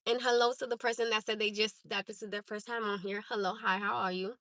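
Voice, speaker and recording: Talking bluntly to viewers through her phone, this Newark-accented host chats casually from a parked car. She speaks quickly at a medium, steady pitch with a sharp edge. The recording is dry and low in quality.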